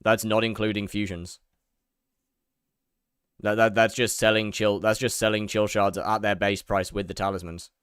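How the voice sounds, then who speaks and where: A man's voice: fairly low pitch, flat delivery, normal speed, long pauses, a bit bright, smooth, dry recording, studio quality. A young man chatting casually while he streams a game, rambling, repeating words and answering his chat.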